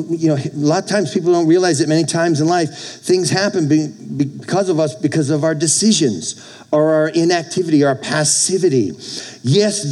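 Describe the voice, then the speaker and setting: A man's voice: a little high, darkish tone, poor audio. A middle-aged male pastor preaching a sermon, exhorting the congregation with frequent calls for amen. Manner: exhorting, with call-outs for amen.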